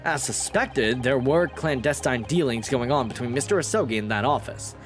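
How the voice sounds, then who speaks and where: A man's voice: mid-range voice, expressive, normal speed, music in the background, natural voice. A man voicing an earnest, eager young male defense lawyer, pressing hard with a raised voice.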